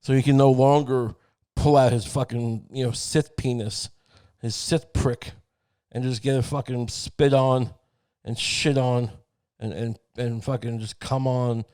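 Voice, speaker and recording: A man's voice: mid-range voice, steady tone, a little slow, a little mellow, clear, resonant tone. Rambling, profane male podcast host. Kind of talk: rambling comedic monologue.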